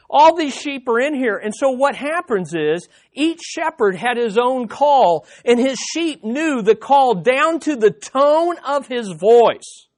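A pastor with a very high voice delivers an expository sermon to his congregation. He's animated and conversational, frequently restarting sentences and slipping into quick, playful impressions.

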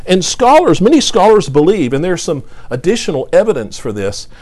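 A man's voice: high voice, big pitch swings, brisk, a little mellow. A man preaching a sermon, reading scripture with earnest emphasis and often repeating words as he speaks.

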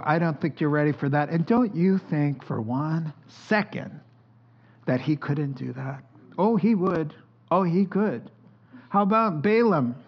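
Man preaching, conversational and animated, fairly high voice, dull lo-fi recording. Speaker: pastor. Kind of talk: sermon.

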